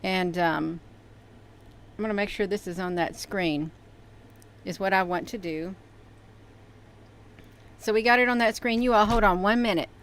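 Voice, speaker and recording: A woman's voice: mid-range voice, unhurried, long pauses, fairly bright tone, a little hiss or hum. A woman hosting a casual livestream, talking in a rambling, chatty way with many fillers and calling her viewers "you all". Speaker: livestream host. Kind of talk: casual live-stream talk.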